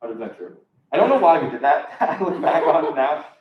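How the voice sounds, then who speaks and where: On stage at a live comedy show, a young man rambles casually through his set with plenty of ums, his somewhat high voice swinging widely in pitch at a slightly fast clip. The echoey, dull lo-fi room recording has a little hiss or hum.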